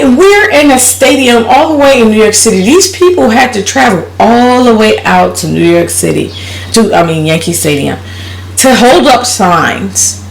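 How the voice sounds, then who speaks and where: A woman's voice: a little high, creaky, slight background noise. Woman, casual vlogger, blunt and profane storyteller, echoey room. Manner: blunt, profane, laughs while telling.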